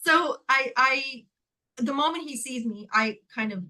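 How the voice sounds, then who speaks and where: A woman from Canada is being interviewed, and her voice sits high and bright. She tells her story with a lot of life, laughing often and acting out the voices of the people in it. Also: unhurried, low-quality recording. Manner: animated, laughs often, acts out quoted dialogue. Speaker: guest, healing technique teacher.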